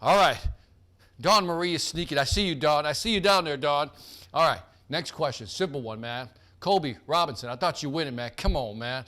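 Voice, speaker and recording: High, bright-voiced man hosting a quiz. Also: brisk. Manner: hyped, joking, calls out players by name. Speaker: host of a sales team quiz. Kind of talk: energetic live quiz hosting.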